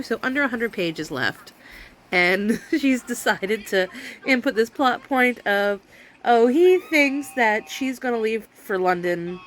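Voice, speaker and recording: Lively, exasperated woman vlogger. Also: mid-range voice, slight background noise. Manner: exasperated, sarcastic, laughs often. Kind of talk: casual book chat to camera.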